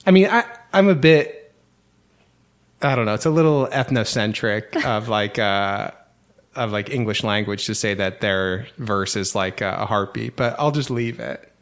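A man's voice: fairly low pitch, a little slow. A man co-hosting a podcast, explaining things casually with lots of fillers and restarts. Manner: rambling, filler-heavy explaining. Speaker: podcast co-host.

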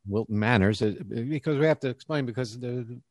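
A man's voice: mid-range voice, a little fast, no room sound, clean studio sound. A man as a guest on a talk show, explaining things casually over a video call.

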